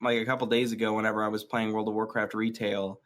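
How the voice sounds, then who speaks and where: A man's voice: fairly low pitch, little pitch movement, fast talker, fairly bright tone. A man co-hosting a casual podcast, telling stories in a rambling way with many fillers and frequent swearing. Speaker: podcast co-host.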